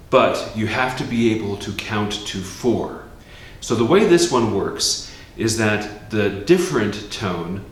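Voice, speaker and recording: A priest teaching how to chant a gospel, explaining casually and breaking into sung chant. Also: male voice, a bit bright, recorded from a distance. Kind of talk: informal chant lesson. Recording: very echoey room, faint rumble.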